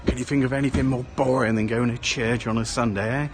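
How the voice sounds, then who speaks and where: A man's voice: medium pitch, fairly even intonation, fast, over music. A man talking casually as he walks through a small town outdoors, rambling and tacking "eh?" onto his remarks. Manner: rambling chatter with tag questions. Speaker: vlogger. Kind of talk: casual walking vlog.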